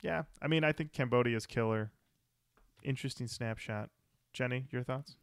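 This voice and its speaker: A man co-hosting a casual podcast, musing aloud and doubling back on his own words. His voice is smooth and clear at an ordinary middle pitch. The sound is close and dry, with no room around it. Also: moderate pace, no echo. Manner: rambling, thinks aloud with self-corrections. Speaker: podcast co-host. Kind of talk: casual chat about music.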